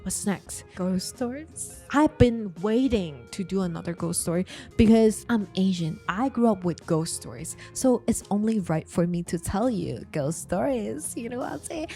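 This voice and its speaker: Young woman, vlog host, slangy and chatty, warm mellow tone, faint music bed. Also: medium pitch, lively intonation, normal speed, vocal fry. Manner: chatty and slangy, addressing viewers directly. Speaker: vlogger. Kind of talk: casual commentary vlog.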